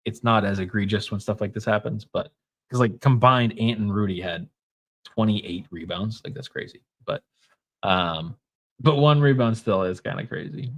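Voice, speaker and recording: A man's voice: on the low side, moderate pace, fairly bright tone. A man with a Minnesota accent hosting a casual livestream, talking in a wry, offhand way and reading comments from the chat aloud. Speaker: podcast host.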